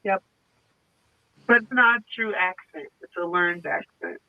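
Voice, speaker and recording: A man's voice: high-pitched, expressive, measured pace, dry recording, lo-fi sound. A man chatting casually on a stream, blunt and wisecracking. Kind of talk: casual chat.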